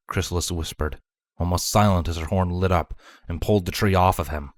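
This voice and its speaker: Man, very deep voice, measured dramatic story narration, dry close sound. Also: steady tone, dry recording. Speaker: fanfiction reader.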